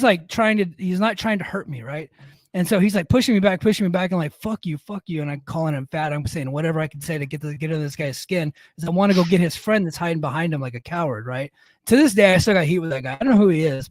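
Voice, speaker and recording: A man's voice: a little high, dry recording. A middle-aged man telling a rambling, profane story in a casual podcast chat, mocking himself as he goes. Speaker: podcast co-host.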